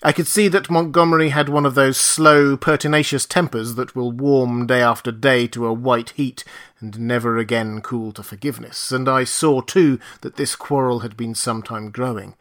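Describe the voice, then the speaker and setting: A male narrator reading a classic adventure novel aloud. His voice sits in a middle pitch, and he paces the telling in a measured, even way. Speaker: audiobook narrator. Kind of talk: scripted narration.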